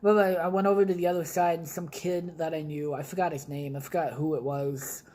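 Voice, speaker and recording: In a rough recording, a young podcast host talks from his home basement, casually rambling through stories with blunt, heavy swearing. His voice is a little high and a little mellow, with fairly even intonation and a brisk pace.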